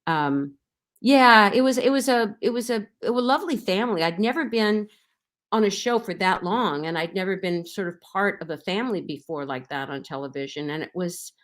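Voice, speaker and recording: A middle-aged actress recalling her time on a show in a relaxed interview, rambling with many fillers and restarts. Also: medium pitch, moderate pace. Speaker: actress guest. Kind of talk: casual interview anecdotes.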